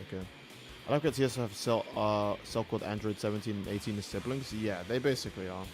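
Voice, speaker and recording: A man's voice: fairly low pitch, fast talker, over music. Rambling, profane male gaming streamer. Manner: rambling and profane, acting out characters' lines. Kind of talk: casual gaming commentary.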